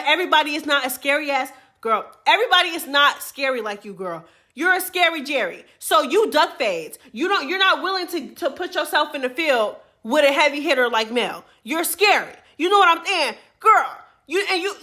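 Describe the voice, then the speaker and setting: A woman with a high, pushed, bright voice recaps reality TV in a sassy, chatty gossip style. Her commentary is full of slang and she laughs frequently.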